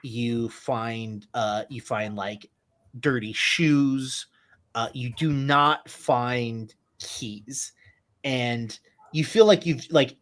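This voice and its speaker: A man narrating a tabletop horror game as game master, with many halting restarts and fillers. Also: mid-range voice, a bit bright.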